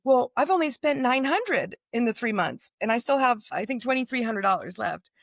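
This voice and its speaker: Animated American woman telling travel stories. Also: on the high side, normal speed, vocal fry, no room sound, clean studio sound. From United States. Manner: animated storyteller, acts out quoted dialogue. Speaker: guest author. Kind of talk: casual interview storytelling.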